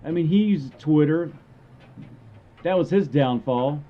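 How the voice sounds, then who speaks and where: A man's voice: on the high side, measured pace, lo-fi sound. A man ranting about a game update, rambling and stammering in frustration. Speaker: gamer commentator. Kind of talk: ranting commentary.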